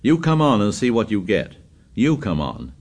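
A man voicing a defiant, aggressive boy chief who shouts and taunts. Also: lowish voice, huge pitch swings, moderate pace, heavily acted. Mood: taunting.

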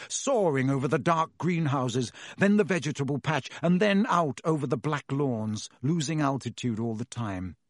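A man's voice: fairly high pitch, no echo, clean studio sound. Dramatic male audiobook narrator. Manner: vivid, dramatic storytelling delivery. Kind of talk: scripted storybook narration.

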